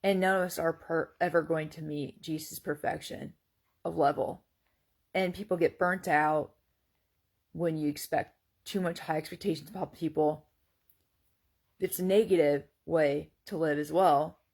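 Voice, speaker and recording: Here a woman with a deep, darkish voice speaks at a measured pace with fairly even intonation. She's a vlogger offering personal reflections in an earnest, faith-centered monologue that wanders hesitantly, packed with fillers and false starts.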